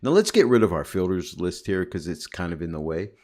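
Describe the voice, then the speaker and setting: A man's voice: deep voice, big pitch swings, fairly quick, a little mellow. A man giving a chatty, upbeat photo editing tutorial over a screen recording, often addressing viewers as guys.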